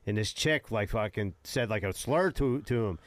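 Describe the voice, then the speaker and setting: A man's voice: fairly low pitch, lively intonation, normal speed, no echo. A man on a podcast telling a rambling, hesitant story. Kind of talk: casual anecdote.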